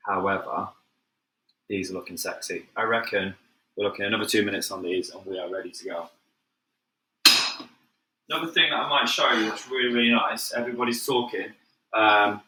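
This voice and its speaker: Mancunian male chef, casual live-stream patter, bright voice, roomy home-kitchen sound. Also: fairly low pitch. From England. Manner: chatty, upbeat, addresses viewers as "guys", moves around the kitchen.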